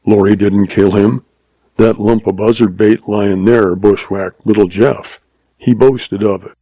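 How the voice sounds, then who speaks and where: A man voicing a weary young cowboy hero who speaks quietly and steadily. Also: fairly low pitch, steady tone, a little slow, breathy edge, no room sound, rough recording.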